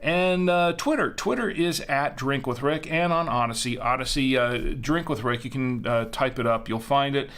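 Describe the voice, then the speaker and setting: A man's voice: mid-range voice, normal speed, hardly any pauses, fairly bright tone. A man hosting a live-streamed show, chatting casually in a rambling way and correcting himself as he goes. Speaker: host.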